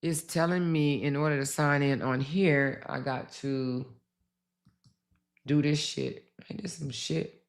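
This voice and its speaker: A woman's voice: low voice, slow pace. A woman hosting her channel, giving blunt, profane casual commentary to her viewers, repeating herself and turning aside to talk to them. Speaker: channel host.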